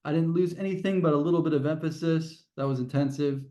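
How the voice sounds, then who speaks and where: Mellow-voiced male grammar teacher. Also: fairly high pitch, quick pace. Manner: explains step by step, restarts phrases, asks the class questions. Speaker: test prep teacher. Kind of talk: classroom grammar lesson.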